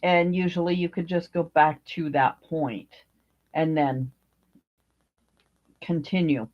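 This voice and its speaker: A crochet vlogger, an older woman, keeps up a casual, rambling chat while crocheting, thinking aloud with filler words. Her low-pitched voice holds a steady tone and moves slowly, and the home recording has a dull lo-fi quality.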